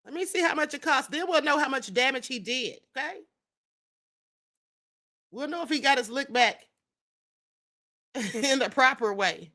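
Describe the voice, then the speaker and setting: Sassy, bright-voiced woman host. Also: high voice, expressive. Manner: sassy, calls viewers "honey" and "child", drawn-out exclamations. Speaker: live-stream host reading chat. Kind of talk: casual gossip commentary.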